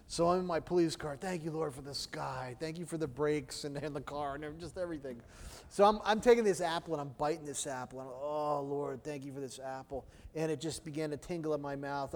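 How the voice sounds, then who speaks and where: A middle-aged pastor preaches a sermon in a conversational style, often checking in with listeners by asking "right?" His voice is on the high side and a little mellow, and the recording carries long hall reverb.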